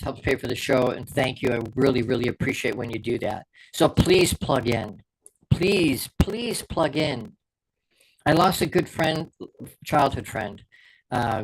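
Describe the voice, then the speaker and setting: A man's voice: medium pitch, gravelly, a little hiss or hum, rough recording. A middle-aged man hosting a podcast, giving a fervent motivational talk as a performance coach and repeating key words for emphasis.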